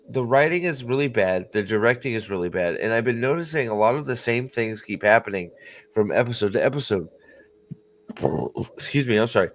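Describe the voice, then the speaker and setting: Podcast host, man, mid-pitched voice, animated, salty language, jeering impressions. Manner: animated, swearing, mocking voices when quoting. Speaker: show host. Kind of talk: casual podcast chat.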